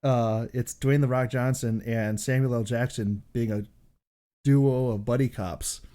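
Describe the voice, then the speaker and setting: A man co-hosting a casual podcast, rambling and animated, laughing often between his sentences. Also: mid-range voice, a little slow. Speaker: podcast co-host.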